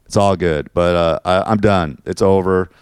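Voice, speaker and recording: Male show host, low and smooth, rambling frustrated monologue. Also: fairly even intonation, normal speed, no echo, studio quality. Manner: frustrated, repetitive, venting.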